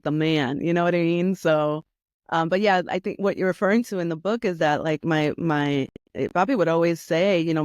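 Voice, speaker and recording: A woman's voice: deep voice, darkish tone, smooth, dry recording. Middle-aged woman from New York, guest on an interview, chatty and filler-heavy, dry close sound. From New York, USA. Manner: chatty, many fillers like "you know" and "like"; slips into Spanish phrases. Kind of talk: casual conversational interview.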